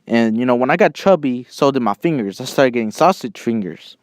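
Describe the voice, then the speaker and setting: A man's voice: mid-range voice, lively intonation, a little fast, no room sound, studio quality. A young man telling a self-mocking story in a casual vlog over gameplay, cheerful and joking, who cries out when he quotes himself. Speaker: channel host.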